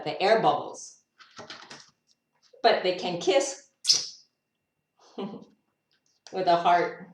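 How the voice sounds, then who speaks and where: A woman's voice: on the low side, big pitch swings, takes it slowly, long pauses. A woman teacher reading a picture book aloud to children, playfully making animal noises in a spontaneous, unrehearsed way. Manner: spontaneous and unrehearsed, with laughs and musing asides. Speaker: English teacher. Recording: roomy echo, voice from a distance.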